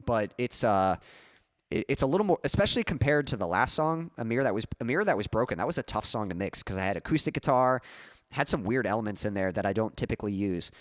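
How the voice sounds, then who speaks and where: A man's voice: fairly low pitch, lively intonation, fast talker, no room sound, studio quality. A man hosting a music livestream, chatting casually and answering viewer comments, rambling with many fillers and restarts. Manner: reads viewer comments aloud and answers them.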